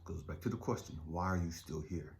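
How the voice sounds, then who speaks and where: A middle-aged man giving an impassioned motivational monologue. He is blunt and profane, repeats lines for emphasis, and swings between low murmurs and fired-up outbursts. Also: brisk, a little mellow, echoey room, a little hiss or hum. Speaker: motivational speaker.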